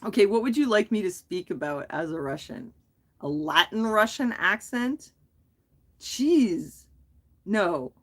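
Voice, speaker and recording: This livestream host is a middle-aged woman whose medium-pitched voice runs a little slow. She giggles and pokes fun at herself while talking to viewers, her tone lively and bouncing up and down as she rambles.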